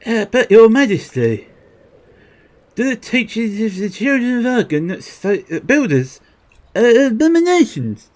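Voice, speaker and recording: A man's voice: very high voice, sing-song, a little slow, a little mellow, pitched above the performer's own voice, full character voice. A man voicing a timid, anxious male subject who pleads worriedly with his king.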